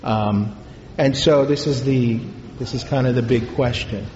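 A man's voice: medium pitch, a little mellow, a little hiss or hum. Man preaching in an echoing hall. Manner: unhurried, halting storytelling with fillers. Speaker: priest. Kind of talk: sermon storytelling. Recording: echoey hall, dull lo-fi sound.

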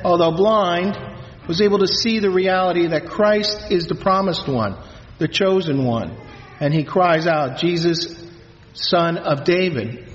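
A man, a priest, reading scripture and preaching a sermon in a solemn, measured way in a church. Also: high-pitched. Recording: reverberant church, dull lo-fi sound.

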